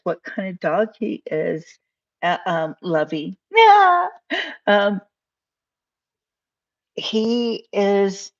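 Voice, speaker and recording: A woman's voice: on the low side, creaky, lo-fi sound. A middle-aged woman in a rambling casual livestream at home, talking to her chat and her dogs with lots of fillers and laughs. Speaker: YouTuber live-streaming. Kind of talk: casual livestream chat, reading comments aloud.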